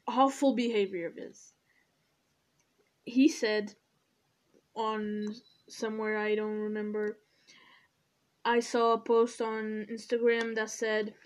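Slow-talking indignant woman, higher voice. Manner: indignant, outspoken, swears often. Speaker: podcast host. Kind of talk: casual solo monologue.

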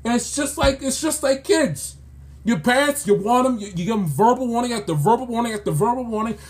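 A man's voice: extremely high pitch, expressive, fairly quick. A man ranting in sports commentary, exasperated and scolding, repeating himself as he builds his point.

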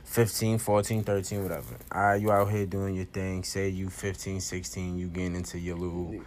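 A man co-hosting a casual podcast, talking in a laid-back, slangy way and chiming in with quick agreements. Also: deep voice, flat delivery, darkish tone, a little hiss or hum. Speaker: podcast co-host.

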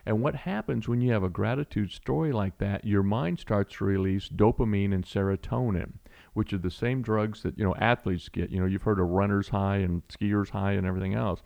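Gravelly low-voiced man telling a story. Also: brisk, dull audio. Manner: animated storyteller, acts out voices, restarts often. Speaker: guest telling a personal story. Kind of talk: conversational storytelling.

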